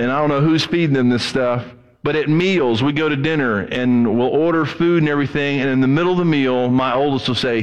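Man, middle-aged pastor, high voice, animated sermon, long church reverb. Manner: animated preaching, acting out quoted voices.

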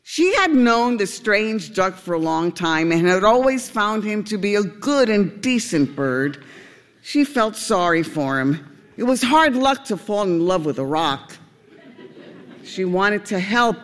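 A man narrating a storybook tale in a gentle, unhurried way. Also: sits high, big pitch swings, in a large hall.

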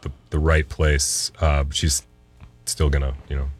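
Man, radio co-host, extremely low voice, dry hesitant answers, music under the talk. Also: little pitch movement, unhurried, husky. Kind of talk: casual radio banter.

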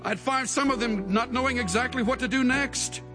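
A man preaching a sermon with dramatic delivery, moving from hushed lines to shouts. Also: extremely high pitch, moderate pace, big-room sound, music in the background. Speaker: pastor.

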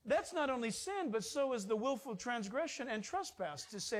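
A man's voice: extremely high pitch, big pitch swings, normal speed. Male pastor delivering a sermon, emphatic and conversational. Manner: emphatic, conversational preaching with sudden rises.

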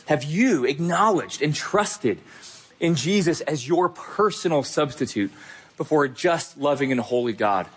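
Husky-voiced man preaching earnestly. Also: a little high, expressive, unhurried. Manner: earnest, direct address to the listener, emphatic repetition. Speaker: pastor. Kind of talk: sermon.

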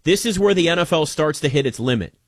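A man's voice: a little high, lively intonation, quick pace, no room sound, clean studio sound. A man hosting a sports talk show, giving casual, emphatic commentary and often restarting his sentences. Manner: emphatic, conversational, with frequent restarts.

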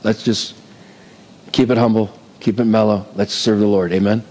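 A man's voice: lowish voice, steady tone, moderate pace, mellow, big-room sound. A middle-aged man preaching a sermon as pastor, chatty, with frequent "amen?" asides and playful humor. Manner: acts out quoted voices, self-deprecating humor.

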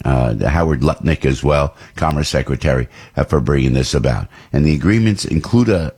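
A man from New Jersey hosting a talk radio show, with a low, husky voice. He delivers opinionated commentary in a rambling way, often breaking off and restarting his sentences. His speech sounds off the cuff rather than scripted. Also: darkish tone. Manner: rambling, with many restarts and repeats.

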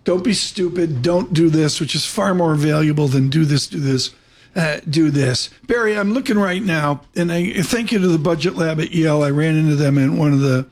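A man hosting a live financial talk show, chatty and quick, jumping between topics. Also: fairly high pitch. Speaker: host.

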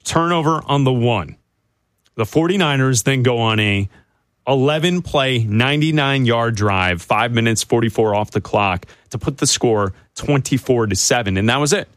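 A man hosts a sports radio show at a middle pitch. He talks with playful, teasing energy into a close studio mic, and the room sounds completely dry. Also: expressive, moderate pace, fairly bright tone, no echo.

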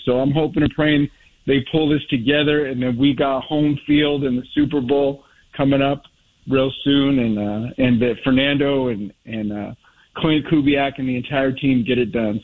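A man from Northern California calling into a radio show, heartfelt and rambling. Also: mid-range voice. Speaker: caller. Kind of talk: phone-in call. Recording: tinny phone line.

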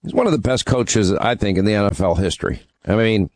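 A man's voice: on the low side, brisk, a little mellow, dry recording. A man hosting a radio talk show, rambling conversationally through ad reads and news, with fillers and restarts.

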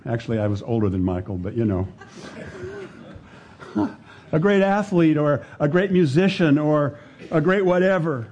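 A man preaching a sermon, earnest, rising to emphatic lines and dropping to hushed, intense ones. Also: a little high, lively intonation, moderate pace, long pauses, lo-fi sound.

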